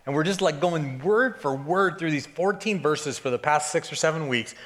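A man's voice: on the high side, moderate pace, fairly bright tone. A man preaching a sermon to a congregation in church, joking and chatting informally as he teaches. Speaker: pastor. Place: church service before a congregation.

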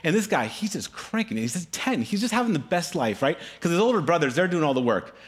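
A middle-aged man, a pastor, telling a story in a casual, animated sermon, keeps asking "right?" and acting out voices. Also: fast talker. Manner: animated, acts out voices with big pitch swings.

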